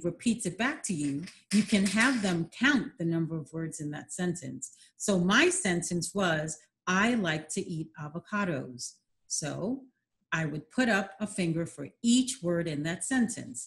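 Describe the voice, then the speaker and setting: A middle-aged woman, a literacy educator, giving a clear, patient lesson for parents from her home kitchen, modeling words slowly. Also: on the low side. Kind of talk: instructional demonstration for parents.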